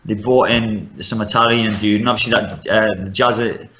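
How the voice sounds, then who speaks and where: A man's voice: on the low side, fairly even intonation, normal speed, sharp tone, slight background noise. A young man with a Midlands English accent, a fighter talking casually in a podcast interview, laid-back and full of fillers. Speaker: MMA fighter, guest. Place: rural home in northern Scotland. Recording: echoey room, dull lo-fi sound.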